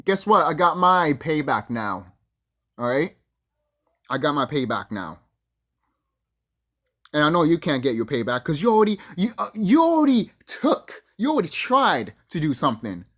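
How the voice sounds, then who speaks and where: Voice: mid-range voice, sing-song, moderate pace, pauses often, fairly bright tone. A vlogger delivering a profane, boastful ranting monologue to the camera, acting out the people in the story. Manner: profane, boastful, acts out quoted voices.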